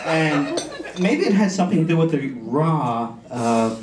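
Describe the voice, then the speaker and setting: A man giving a humorous contest speech, telling an animated story to an audience that laughs along. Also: fairly high pitch, unhurried, heavy background noise. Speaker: contest speaker. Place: convention hall. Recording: echoey hall, mic from far off.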